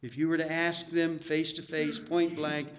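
A man's voice: a little high, completely flat delivery, normal speed, lo-fi sound. A man preaching a sermon as pastor, emphatic and repeating words for stress.

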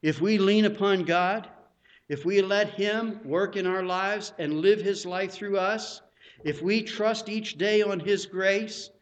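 Earnest man preaching, slow. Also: high voice. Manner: earnest, emphatic, drawn-out phrases. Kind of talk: sermon.

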